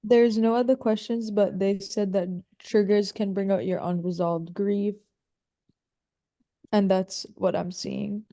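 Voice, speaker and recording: A woman's voice: mid-range voice, steady tone, a little slow, mellow, dry recording. A woman moderating an online webinar, reading out audience questions. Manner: reads audience questions aloud.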